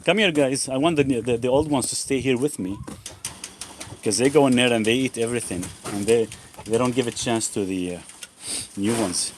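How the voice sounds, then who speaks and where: A man's voice: medium pitch, normal speed, a little mellow, a little hiss or hum. A man hosting a casual live Q&A outdoors in a backyard with chickens. He rambles, restarts his sentences and leans on the word "actually". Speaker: host.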